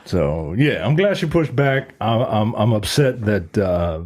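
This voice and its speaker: A man co-hosting a casual movie review podcast, ranting with animated, profane disbelief. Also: fairly low pitch, unhurried. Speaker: podcast co-host.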